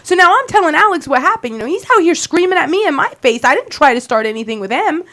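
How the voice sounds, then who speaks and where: Animated high-pitched woman retelling a clash. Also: fast talker. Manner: retells an argument, voicing both sides with raised intensity. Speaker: co-host. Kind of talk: animated storytelling on a talk show.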